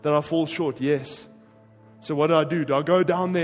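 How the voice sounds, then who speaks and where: A man preaching a sermon with passion, his voice swinging between forceful emphasis and quiet, hushed stretches. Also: a little high, steady tone, normal speed, big-room sound, faint music behind. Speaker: pastor.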